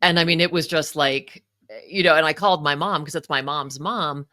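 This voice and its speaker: Woman w a low voice telling a heartfelt personal story, lots of "you know". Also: normal speed, sharp tone, no echo, clean studio sound. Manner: emotional, frequent "you know" asides. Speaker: guest, psychotherapist and author.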